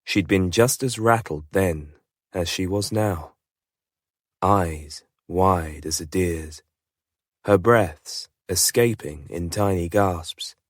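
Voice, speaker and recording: A man narrating an audiobook in an unhurried, steady storytelling voice. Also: low voice, dry recording, clean studio sound. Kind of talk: scripted narration.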